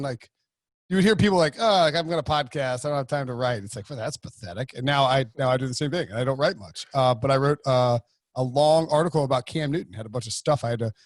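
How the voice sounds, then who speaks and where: A man hosts a sports podcast in casual chat, rambling along with fillers and false starts. His voice sits a bit high for a man. The sound is dry and close, with no room echo. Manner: loose and rambling, with many fillers and restarts. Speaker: podcast host.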